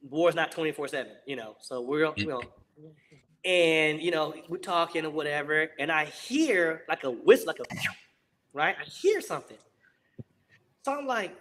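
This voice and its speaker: An American man, a former Marine, telling a war story in a lively, profane way and acting out the people he quotes. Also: on the high side, unhurried, slight background noise. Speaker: guest, former Marine rifleman.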